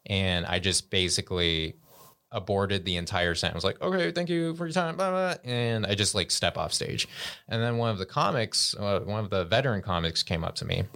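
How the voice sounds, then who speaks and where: A young man with a fairly low voice, chatting as a comedian guest on a podcast. He tells his stories loosely, breaks into laughter often and restarts his sentences. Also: normal speed, creaky, bright, forceful tone. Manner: laid-back storytelling, laughs often, many restarts. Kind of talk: casual podcast chat.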